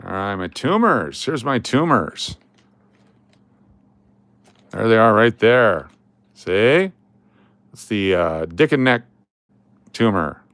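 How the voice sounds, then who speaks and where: A man's voice: fairly low pitch, big pitch swings, slow pace, pauses often, a bit bright, no room sound. A middle-aged man hosting a casual vlog, rambling and joking as he talks through old photos. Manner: rambling and joking, with chuckles and trailing restarts. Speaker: coin collecting channel host.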